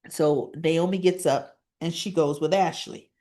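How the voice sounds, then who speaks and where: A woman talking through a soap opera episode in relaxed recap chat. She takes her time and draws each beat out slowly. She keeps tossing in friendly asides as she tells the story. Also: sits low. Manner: chatty storytelling, frequent "right?" asides.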